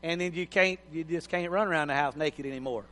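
A man's voice: fairly high pitch, brisk, a bit bright. Man, middle-aged pastor, folksy sermon, long hall echo. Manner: folksy, joking, plain-spoken. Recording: hall reverb.

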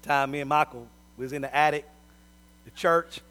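Middle-aged male preacher, high and bright, folksy sermon storyteller who swings between hushed and loud. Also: fairly even intonation, normal speed, clean tone.

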